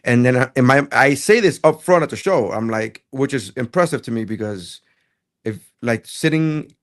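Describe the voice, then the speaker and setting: A man on a podcast telling a story from his comedy gig in a casual, animated way, acting out the dialogue. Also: mid-range voice, moderate pace. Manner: animated, acts out dialogue in quotes.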